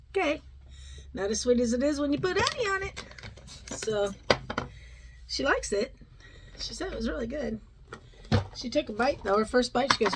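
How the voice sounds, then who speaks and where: Lively chatty middle-aged woman vlogger. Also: on the high side, moderate pace, long pauses, noisy background. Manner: chatty, rambling, talks to her dog in baby talk. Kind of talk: casual chat.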